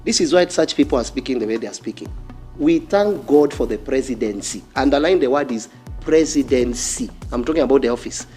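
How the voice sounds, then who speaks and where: A man's voice: medium pitch, lively intonation, a little fast, warm tone, faint music behind. A man with a Kenyan accent preaching a fiery sermon, repeating phrases and challenging his listeners directly. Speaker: pastor.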